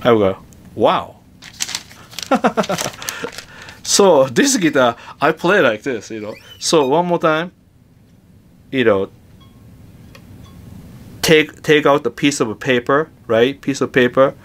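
A man teaching guitar in a casual lesson, chatty and halting, often repeating words as he demonstrates. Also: on the high side, animated, fairly bright tone.

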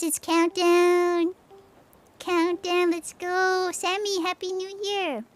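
A woman streaming games live, talking excitably with frequent giggles and dramatic outbursts. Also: high-pitched. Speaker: game streamer. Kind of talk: live gameplay commentary.

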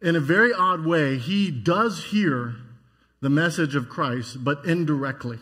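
Husky-voiced man preaching conversationally. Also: a little high, measured pace, a bit bright. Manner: conversational, musing preacher with many restarts. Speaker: pastor. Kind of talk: sermon.

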